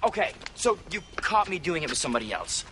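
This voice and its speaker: A young man in a TV drama, defensive and evasive about his new love. His voice is bright yet varied, a little distant from the mic, with faint ambience behind. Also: a little high, sing-song, quick pace, a little hiss or hum.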